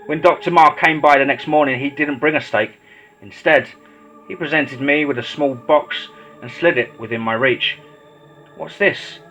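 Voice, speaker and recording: A man narrating a horror story in a steady, dramatic storytelling voice. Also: mid-range voice, moderate pace. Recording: slightly dull lo-fi audio with faint music.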